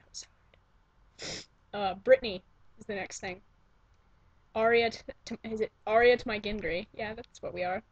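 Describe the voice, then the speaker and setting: Gushing, husky young woman vlogging. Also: mid-range voice, fairly even intonation, normal speed, pauses often, no echo, dull audio. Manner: gushing, profane, self-interrupting. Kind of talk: casual rambling vlog. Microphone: computer webcam mic.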